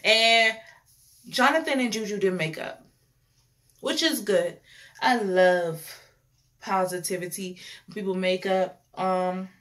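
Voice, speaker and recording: A woman's voice: medium pitch, slow pace, long pauses, a bit bright. Young woman, opinionated reviewer, casual chat, repeats herself. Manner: chatty, opinionated, repeats phrases, laughs often. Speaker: reality TV reviewer.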